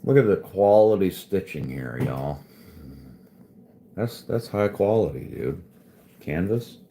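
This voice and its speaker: Deep, slow, laid-back man. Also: animated, dark tone, a little hiss or hum. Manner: laid-back, profane, joking, reads chat aloud. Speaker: livestream host chatting with viewers. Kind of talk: casual live-stream chat.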